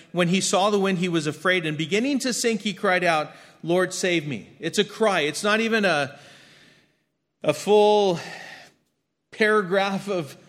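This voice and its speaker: A man preaching a sermon and reading scripture aloud, earnest, swinging between emphatic lines and hushed ones, often repeating his words. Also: high-pitched. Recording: long hall reverb.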